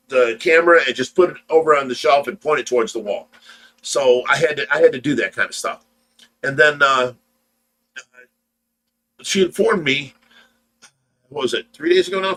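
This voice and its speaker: Ohio man, casual storyteller, bright slightly high voice, repeats himself. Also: low-quality recording. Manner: rambling, repeats words, acts out dialogue. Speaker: livestream host.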